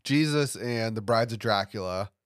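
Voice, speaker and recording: A man co-hosting a podcast, chatting casually and explaining film references in a relaxed way. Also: lowish voice, moderate pace, dry recording, clean studio sound. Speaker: podcast co-host.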